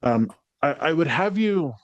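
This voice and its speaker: A man's voice: on the high side, lively intonation, unhurried, dry recording, highs cut off. A man working as a psychic medium, giving a spirit reading to a sitter in a rambling, hesitant way, full of ums and likes, swearing when relaying the spirits.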